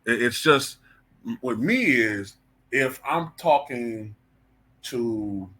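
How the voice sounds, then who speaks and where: A man's voice: medium pitch, expressive, very slow, sharp tone, breathy edge. A man giving blunt, heated opinion commentary as the channel's host, cursing freely. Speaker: political commentator.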